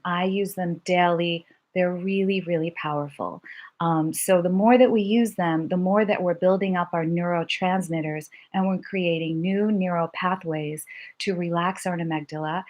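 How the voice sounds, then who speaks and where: A woman teaching mindfulness exercises, speaking softly and gently, slowing down to lead calm repeated mantras. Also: fairly low pitch. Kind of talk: guided mindfulness instruction.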